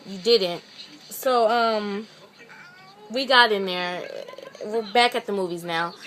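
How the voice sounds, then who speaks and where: A woman's voice: mid-range voice, slow, fairly bright tone. A young woman vlogger casually telling a story, chatty and exasperated, full of "I'm just like" asides.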